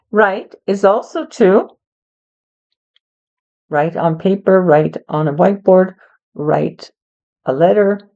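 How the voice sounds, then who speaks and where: A woman teaching English to learners, speaking slowly and clearly in a patient, encouraging way. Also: medium pitch, expressive, a little mellow, lo-fi sound. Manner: patient, encouraging, talks to a child helper.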